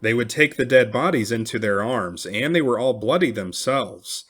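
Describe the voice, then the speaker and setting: A man reading a historical memoir aloud, expressive and raising his voice for cried-out quotes. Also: mid-range voice, moderate pace, husky. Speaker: reader.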